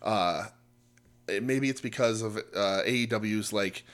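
A man's voice: lowish voice, a little slow, a bit bright. A man co-hosting a podcast, chatting casually about wrestling in a rambling way, full of fillers and restarts. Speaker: podcast co-host.

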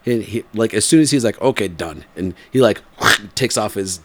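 Man, forties, lowish voice, casual storytelling, rambling, laughing. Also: expressive, moderate pace, fairly bright tone. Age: 40s.

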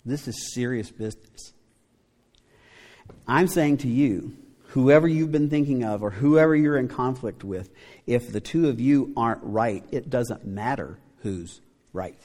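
A man's voice: mid-range voice, a little slow, dark tone. A middle-aged male pastor preaching a conversational sermon, asking his congregation rhetorical questions. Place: church sanctuary. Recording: long reverb of a church hall.

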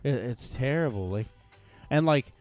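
Male co-host, rambling profane rants, lively pitch, faint music behind. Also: unhurried. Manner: rambling, profane, animated ranting. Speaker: podcast co-host. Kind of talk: casual chat.

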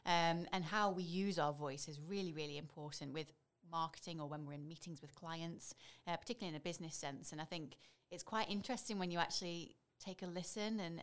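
A woman in her thirties speaks with a Staffordshire accent from the Stoke area. She talks quickly in a fairly low register, chatty and loose, sprinkling in "you know" as she goes. She is a voiceover artist being interviewed. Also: fairly even intonation. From Stoke-on-Trent area, England. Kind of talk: casual conversational interview.

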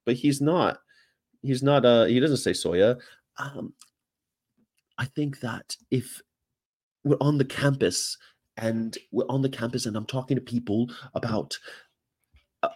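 A man's voice: mid-range voice, darkish tone, slightly rough. A man with an American accent hosting a casual livestream, reading viewer comments and rambling with jokes and casual swearing. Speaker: host.

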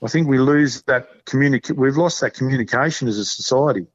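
A man's voice: medium pitch, fairly quick. A man with an Australian accent chatting casually as a podcast guest, rambling in a laid-back, blokey way full of slang. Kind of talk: casual chat. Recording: dull lo-fi sound.

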